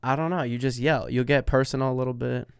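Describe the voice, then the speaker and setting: A man's voice: medium pitch, fairly even intonation, fast, creaky, smooth, no echo, clean studio sound. A man co-hosting a podcast in casual chat, hesitant and agreeable, with lots of fillers. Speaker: podcast co-host.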